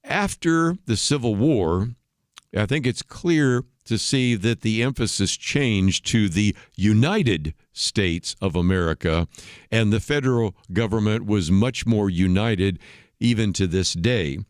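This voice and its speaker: Low-voiced male radio talk host. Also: measured pace, no echo, clean studio sound. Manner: conversational, explains history step by step. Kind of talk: solo commentary on a talk radio show.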